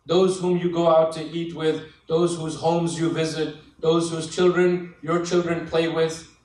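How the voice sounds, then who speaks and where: A middle-aged man pitches for donations with lively humor, working the crowd. His voice sits high. He sounds distant, bouncing around a big reverberant banquet hall. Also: measured pace. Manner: animated, joking, rallying the crowd. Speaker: fundraising speaker. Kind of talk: fundraising appeal with humor. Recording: very echoey hall, voice from afar.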